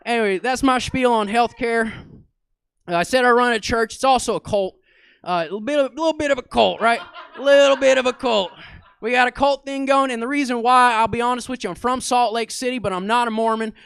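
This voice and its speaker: A man's voice: very high-pitched, a little fast, vocal fry, fairly bright tone, clear, resonant tone, no echo. A man doing a character stand-up monologue on a comedy theater stage. He rambles with mock authority and keeps checking in with the crowd.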